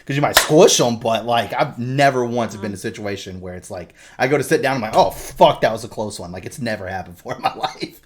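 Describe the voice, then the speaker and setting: A man's voice: lowish voice, fast, hardly any pauses, background noise. A young man co-hosting a podcast, telling a story with lots of laughter and swearing. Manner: animated storytelling, laughs often, swears a lot. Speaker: podcast co-host. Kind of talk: casual podcast chat.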